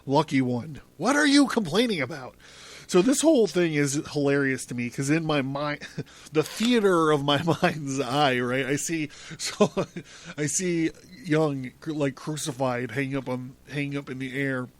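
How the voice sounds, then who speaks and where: A man's voice: on the high side, measured pace. A man hosting a podcast, reading a book aloud in the first person and breaking off with amused, chuckling asides. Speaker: podcast host.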